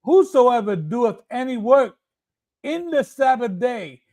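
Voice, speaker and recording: A man reading Bible verses aloud in a slow, deliberate way during a study session. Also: very high-pitched, lively intonation, darkish tone. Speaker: scripture reader.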